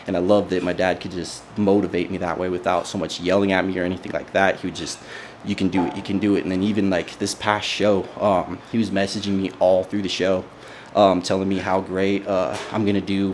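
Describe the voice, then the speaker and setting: A man's voice: deep voice, a little hiss or hum. A young man, a bodybuilder, telling his personal story in a casual, earnest way with many fillers. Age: young adult. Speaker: bodybuilder interviewee.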